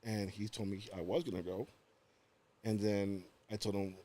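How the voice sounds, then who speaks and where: This podcast guest, a man, spins a personal story in casual talk, lively and performing the voices of those involved. He has a fairly low voice and a moderate pace, broken up by long pauses.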